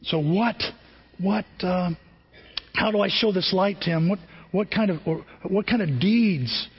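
A man's voice: sits high, measured pace, husky. A man preaching a sermon as a pastor, talking conversationally and asking the congregation questions. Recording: lo-fi with long hall reverb.

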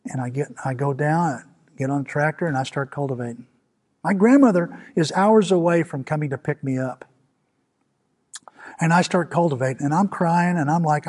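A man's voice: a little high, moderate pace, a little mellow. A male pastor preaching a sermon, telling a personal story in an earnest manner full of repetition and sudden swells of emphasis.

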